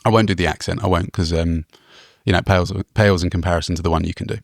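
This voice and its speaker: Gravelly low-voiced man. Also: steady tone, no room sound, clean studio sound. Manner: wry, measured, mock-philosophical. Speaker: podcast co-host. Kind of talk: casual chat.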